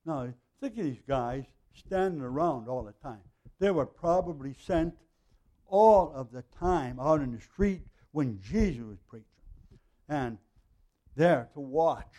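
Mellow-voiced man teaching scripture. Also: on the high side, animated, a little slow. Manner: conversational, clears throat often, restarts and asides. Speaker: Bible teacher. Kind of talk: verse-by-verse Bible teaching.

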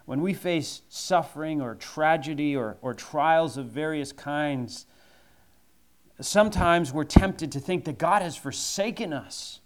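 A man preaching in a slow, deliberate cadence. His voice sits somewhat high, and he presses key phrases by repeating them. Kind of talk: sermon.

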